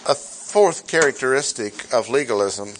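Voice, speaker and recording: A man teaching scripture in a sermon, speaking deliberately, repeating key phrases and putting rhetorical questions to his listeners. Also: medium pitch, expressive, slight background noise. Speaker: pastor teaching a Bible class. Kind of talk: sermon-style Bible teaching.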